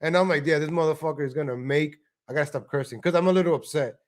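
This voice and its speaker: High-voiced ranting New man. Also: quick pace. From New York. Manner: heated, mocking, profane rant. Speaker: live stream host. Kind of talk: live stream commentary over a video.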